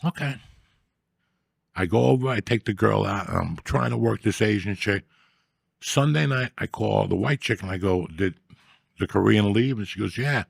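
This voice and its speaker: A man with a low, gravelly voice tells crude, profane stories in a loose, chatty way, slipping into the voices of the people he quotes. The sound is close and dry. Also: normal speed, no echo. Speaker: storyteller guest. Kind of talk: casual storytelling chat.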